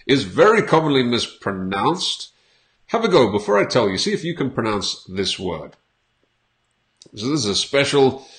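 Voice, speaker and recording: A male English teacher talks casually to his viewers, joking as he goes. His voice moves up and down a lot. He says each word again and again, slowly and clearly, so learners can copy it. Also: mid-range voice, fairly bright tone. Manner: playful, repeats words slowly for learners. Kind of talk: casual on-camera English lesson.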